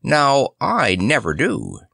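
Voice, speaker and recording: Male narrator doing a wheezy, easygoing storybook camel, high and unhurried. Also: creaky, breathy edge, no echo, studio quality, full character voice. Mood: affectionate. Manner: fond, relaxed.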